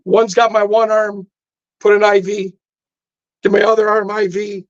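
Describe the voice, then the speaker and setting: A man's voice: high voice, little pitch movement, measured pace, no echo, lo-fi sound. Guy telling a story real intense on a podcast, acts out all the lines, dead dry close mic. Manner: intense, vivid storytelling with quoted dialogue. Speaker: podcast guest. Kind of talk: storytelling in casual chat. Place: podcast studio.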